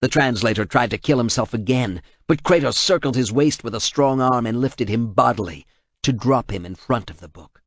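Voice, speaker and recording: A man reading an action novel aloud in steady, measured audiobook narration. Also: medium pitch, no echo, studio quality.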